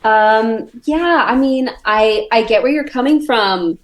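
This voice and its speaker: A woman's voice: fairly high pitch, takes it slowly. A woman voicing a casual fey contest judge who talks in a chatty, hesitant way.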